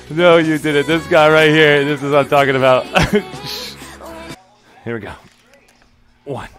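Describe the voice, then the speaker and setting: A young man streaming himself through a workout, joking with viewers, loud and animated, getting out of breath. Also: a little high, measured pace, pauses often, faint music behind. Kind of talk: casual comedic workout stream.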